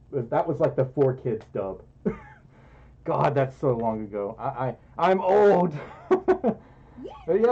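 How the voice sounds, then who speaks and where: A man hosting a casual livestream in a fursuit, reading donations aloud in a playful, giggly, self-deprecating way. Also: a little high. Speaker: streamer. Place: indoors, in a fursuit. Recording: muffled audio.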